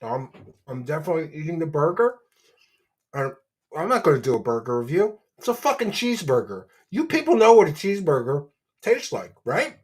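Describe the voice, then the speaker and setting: A man's voice: fairly high pitch, sing-song, fairly quick, a little mellow, slightly rough. A man hosting a livestream, mocking and crude, chatting as he eats. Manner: mocking, crude, talks while eating. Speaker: streamer host. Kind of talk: casual livestream commentary.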